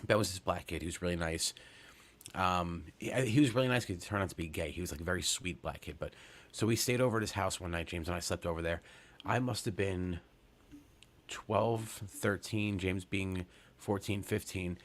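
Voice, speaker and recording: A man's voice: low-pitched, normal speed. A man in his forties from Long Island, telling a rambling, profane story on a comedy podcast, full of fillers and restarts. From Long Island, New York. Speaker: podcast co-host.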